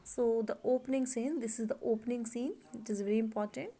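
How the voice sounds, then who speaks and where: A woman's voice: fairly high pitch, fairly even intonation, brisk, warm tone. A woman teacher with an Indian English accent, explaining a play line by line to a class and checking often that students follow. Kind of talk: classroom literature lesson.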